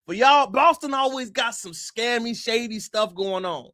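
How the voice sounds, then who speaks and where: In a close, dry recording with no room echo, a high-pitched man hosts an opinionated livestream at a moderate pace with hardly any pauses. Addressing viewers directly, he pounds his points emphatically with rhetorical questions and repeated phrases, now and then erupting into a shout.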